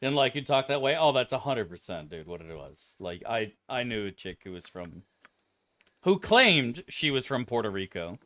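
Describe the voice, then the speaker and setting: A man's voice: mid-range voice, very animated, moderate pace, bright, forceful tone, dry recording. A young man streaming a game, chatting casually to his viewers in a profane, ranting, mock-outraged way. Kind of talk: casual live-stream chat.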